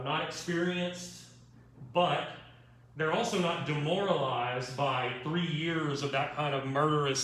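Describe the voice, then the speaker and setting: A man's voice: fairly high pitch, a bit bright. A man giving an informal, wry history lecture to a class, checking in with his students as he goes. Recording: echoey room, mic far off.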